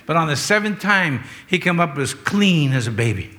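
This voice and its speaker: A pastor delivering a conversational sermon, mixing scripture retelling with humorous asides to the congregation. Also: male voice, on the high side, big pitch swings, normal speed, sharp tone.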